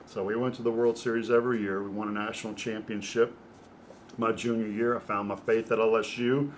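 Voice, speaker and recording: A middle-aged man, a former ballplayer, telling stories from his career in a lively, casual interview. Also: on the low side, a little fast, a little hiss or hum. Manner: animated storyteller who acts out quoted voices. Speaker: guest, former baseball pitcher.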